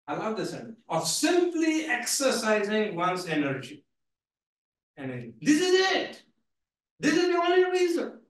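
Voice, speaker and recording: A man giving an animated, playful seminar lecture, emphatic and full of repeated "right?" tags. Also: very high-pitched. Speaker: guest speaker. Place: lecture hall. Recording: echoey hall from a distance.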